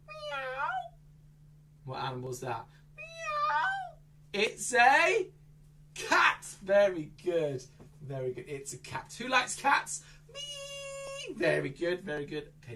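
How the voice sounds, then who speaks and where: A man performing an interactive kids' magic show, playful, with exaggerated squeals and shouts. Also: on the high side, distant mic, slight background noise. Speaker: children's entertainer.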